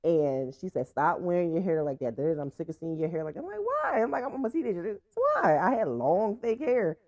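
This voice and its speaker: Young female host, casual storytime, brash and cussing; warm low-bright voice, dry, slightly muffled recording. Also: very animated, fast, dry recording. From Franklin, Virginia, USA. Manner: blunt, profane, laughing often. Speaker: podcast host. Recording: dull, dry lo-fi sound.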